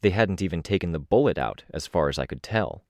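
A man narrating an audiobook in the first person, with a steady, measured delivery. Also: low voice, no room sound, studio quality.

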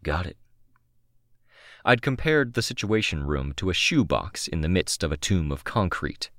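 A man narrating a novel in the first person, calm and measured, close to the microphone. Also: sits low, no echo. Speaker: audiobook narrator.

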